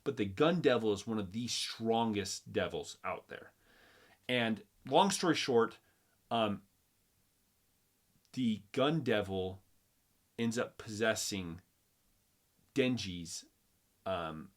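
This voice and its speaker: A man hosting a casual chat, retelling a story with animated energy, acting out quotes and often restarting his sentences. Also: fairly low pitch, takes it slowly, long pauses. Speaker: host.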